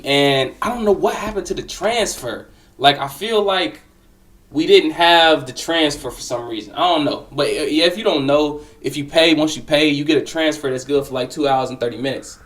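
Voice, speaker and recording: A man's voice: fairly high pitch, recorded from a distance. A young man casually telling a personal story, slangy and profane, talking straight to the listener.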